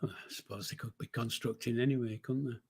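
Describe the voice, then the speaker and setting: Older bloke rambling thru a live chat, jokey, lots of ums, normal pitch. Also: male voice, steady tone, fast, vocal fry, darkish tone, breathy edge. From northern England. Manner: chatty, rambling, jokey, with frequent fillers and self-corrections. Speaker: livestream host reading chat. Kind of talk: casual live-stream chat.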